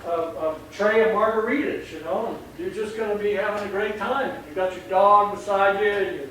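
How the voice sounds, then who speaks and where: A man's voice: sits high, fairly quick, fairly bright tone. A man working as a dog trainer, explaining casually and animatedly, often acting out voices mid-sentence. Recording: echoey room, distant mic, faint noise.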